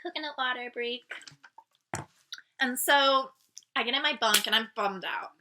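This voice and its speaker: A woman vlogger telling a personal story to her viewers in a casual, animated way, acting out the dialogue. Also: a little high, unhurried, background noise. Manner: animated, acts out quoted dialogue.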